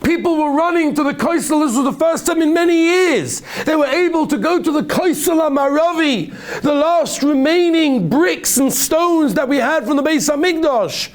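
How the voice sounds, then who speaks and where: A rabbi delivers an emotional sermon in a strikingly high voice for a man. He tells stories feeling, and his pitch climbs and drops as he goes. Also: moderate pace, hardly any pauses. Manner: emotional storytelling, pitch rising and falling widely.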